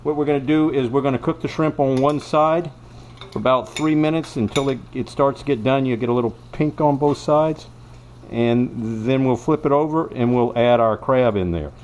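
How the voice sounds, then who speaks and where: A man talks through a recipe in a home kitchen with a folksy, rambling delivery, doubling back on his words as he tells a tale. His voice sits at a middle pitch. A skillet sizzles faintly behind him. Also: moderate pace, a little mellow, slight background noise. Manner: folksy, rambling, self-correcting. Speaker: home cook. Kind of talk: cooking demonstration with storytelling.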